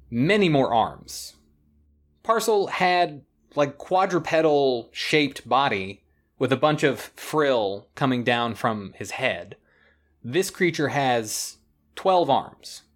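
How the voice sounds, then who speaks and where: Game master narrating a tabletop game. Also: male voice, medium pitch.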